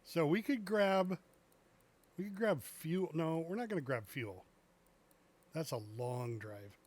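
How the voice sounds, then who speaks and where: A man's voice: on the high side, animated, slow pace, darkish tone. A man streaming a driving game, chatting casually and cracking jokes at his own puns. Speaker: gaming streamer. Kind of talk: casual live gameplay chat.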